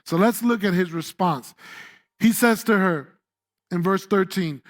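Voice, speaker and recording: High-voiced pastor preaching. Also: male voice, a little slow. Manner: conversational and humorous, acting out scripture voices. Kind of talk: sermon. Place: church.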